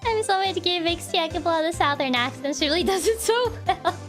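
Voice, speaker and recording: A woman's voice: very high-pitched, fairly quick. A woman streamer giving casual, giggly commentary while playing a game, with music behind. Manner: giggly, playful asides.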